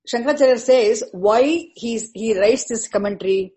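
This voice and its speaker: Her voice a little high but dark in tone, a woman works through a scripture commentary, going word by word and repeating terms to stress them. Audio quality is poor.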